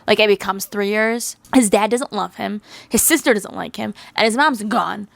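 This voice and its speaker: A young channel host, speaking at a moderate pace in a mid-range voice with vocal fry, delivers animated, exasperated, joking rants about a cartoon show as casual fan commentary. The recording is dry.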